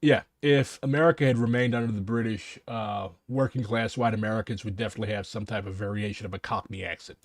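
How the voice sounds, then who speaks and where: A man's voice: on the low side, steady tone, fast, few pauses, no echo. Male reaction commentator, snarky and blunt, interrupts often, close dry recording. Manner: sarcastic, blunt interjections with swearing.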